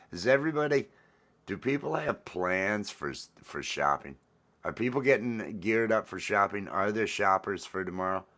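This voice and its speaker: Man, low voice, laid-back livestream chat, rambling, repeats himself. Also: a bit bright. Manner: laid-back, rambling, repeats phrases, greets viewers by name. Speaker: livestream host.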